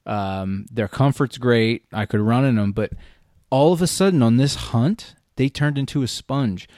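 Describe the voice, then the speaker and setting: A man's voice: mid-range voice, no room sound. Man, podcast host, casual chat, blunt and swearing, dry close sound. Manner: animated, frank, swears freely. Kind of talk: casual hunting gear chat.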